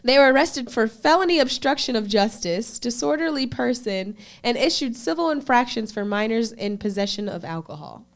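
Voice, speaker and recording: A woman's voice: fairly high pitch, expressive, normal speed, few pauses. A woman co-hosting a podcast in casual chat, joking and slangy. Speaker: podcast co-host.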